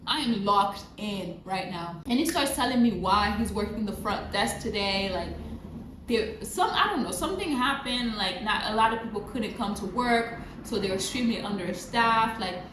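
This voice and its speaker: A woman telling a personal story in a casual vlog, animated, repeating phrases for emphasis, recorded near a road. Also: mid-range voice, moderate pace. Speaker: vlogger. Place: near a road with passing cars. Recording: roomy sound with faint traffic noise. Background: passing traffic.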